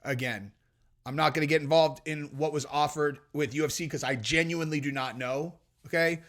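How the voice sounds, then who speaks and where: A man hosting a podcast, telling stories and commenting in a brash, animated, profane way. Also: fairly high pitch, a little fast. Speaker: podcast host.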